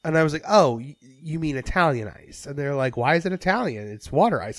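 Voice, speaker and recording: A man's voice: on the high side, animated, a little fast, few pauses, fairly bright tone, no room sound. A man co-hosting a casual podcast chat, rambling with many fillers and restarts. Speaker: podcast co-host.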